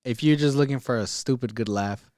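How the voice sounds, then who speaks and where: A man co-hosting a laid-back podcast, talking in an animated way as he retells scenes and acts out lines, with laughter breaking in. His voice sits at a middle pitch. The sound is dry and close. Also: a little fast, no echo. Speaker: podcast co-host. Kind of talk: casual chat.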